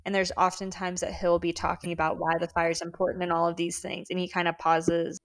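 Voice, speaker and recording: A woman's voice: on the low side, flat delivery, brisk. A woman co-hosting a casual book podcast, recapping the plot with wry, dry asides. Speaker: podcast co-host.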